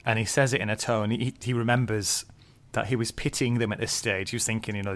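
Laid-back man with a low voice. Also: little pitch movement, fairly quick, hardly any pauses, fairly bright tone. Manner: thoughtful, many fillers, laughs easily. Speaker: podcast co-host. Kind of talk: casual book discussion.

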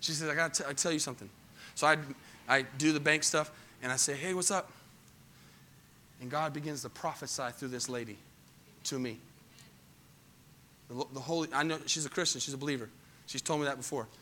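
A man preaching a sermon as pastor, moving between hushed storytelling and loud, emphatic passages and asking the congregation questions. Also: a little high, fairly quick, long pauses, slight background noise.

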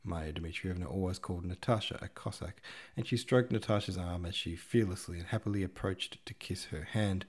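A man's voice: low voice, brisk. A man narrating a classic novel in a wry, slangy retelling. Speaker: podcast host reading a novel. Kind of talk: audiobook narration.

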